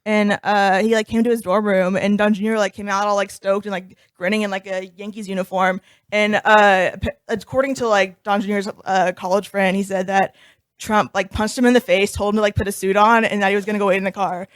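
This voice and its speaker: A woman's voice: medium pitch, fairly even intonation, a little fast, no echo. A woman co-hosting a podcast, telling stories in a rambling, casual way. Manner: rambling, heavy use of "like" fillers. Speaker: podcast co-host. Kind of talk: casual comedic chat.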